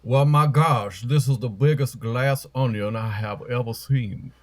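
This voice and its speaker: A man's voice: mid-range voice, slow pace, lightly acted. A man playing a vain male actor who puts on an overdone Southern drawl, theatrical and always in character. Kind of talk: comedy sketch.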